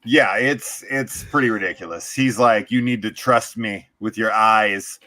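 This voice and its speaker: A man co-hosting a casual movie review podcast, swearing and acting out characters in quick impressions. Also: lowish voice, bright, forceful tone, no echo. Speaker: podcast co-host.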